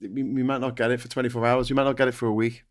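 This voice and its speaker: A man co-hosting a news talk stream over a video call, joking and chatty with quick asides. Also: mid-range voice, flat delivery. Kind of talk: casual live-stream chat.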